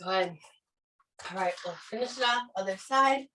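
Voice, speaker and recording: A woman's voice: mid-range voice, moderate pace, sharp tone, far from the mic, a little hiss or hum, low-quality recording. Breathless woman coaching a workout. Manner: encouraging, upbeat cues. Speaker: fitness instructor.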